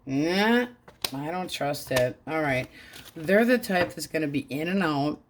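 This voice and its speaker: A woman's voice: deep voice, animated, a little slow, a little hiss or hum. A woman giving a casual tarot reading, talking bluntly and crudely in a frank, offhand way. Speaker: tarot reader.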